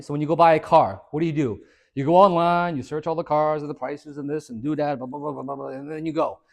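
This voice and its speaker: A man, a fitness trainer, gives a casual motivational talk to a small group and acts out the voices of the people in his stories. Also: fairly high pitch. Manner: animated storyteller who acts out quoted voices.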